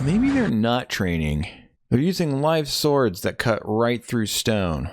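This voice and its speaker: A man giving a deadpan, sarcastic comedic recap of a movie, voicing the characters' lines. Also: medium pitch, takes it slowly, soft background music.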